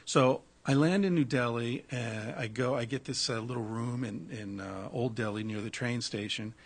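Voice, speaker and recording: A man recounting an old travel adventure in a relaxed conversation, growing animated and blunt with the occasional curse. His voice is gravelly with a husky, rough grain, at an ordinary pitch for a man. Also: moderate pace. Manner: animated, swears freely, restarts. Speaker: guest telling a travel story. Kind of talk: casual storytelling.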